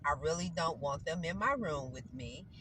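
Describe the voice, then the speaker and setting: A woman with a deep voice and a fairly bright tone, speaking at normal speed, vlogs casually while out running errands. Congested from a cold, she rambles and chats, correcting herself, over the noise of a vehicle.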